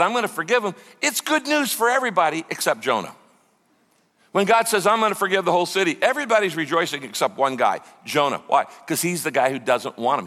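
A man delivering a sermon as pastor, his voice sitting a little high for a man. He speaks to the congregation in a lively, conversational way and acts out quoted lines. The sound carries the long reverb of a large hall.

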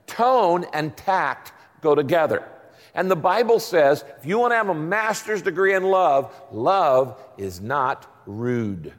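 A male pastor preaching a sermon to his congregation, lively and animated, fond of catchy rhymes and questions to the crowd. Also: sits high, long reverb tail. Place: large church hall.

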